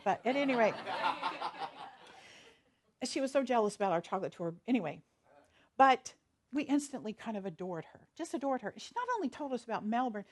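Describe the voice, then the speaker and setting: A woman's voice: on the high side, darkish tone. A woman minister, giving a chatty, storytelling sermon and laughing easily. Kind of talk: conversational sermon.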